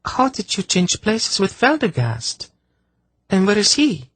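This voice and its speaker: Man voicing a bewildered young woman, plaintive, almost wailing, very high for him, audiobook. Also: sing-song, unhurried, husky, no room sound. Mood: upset.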